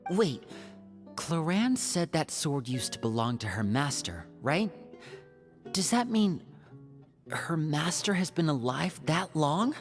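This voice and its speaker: A woman's voice: low-pitched, big pitch swings, slow, soft background music, full character voice. A woman voicing a thoughtful young companion who asks questions and offers reassurance.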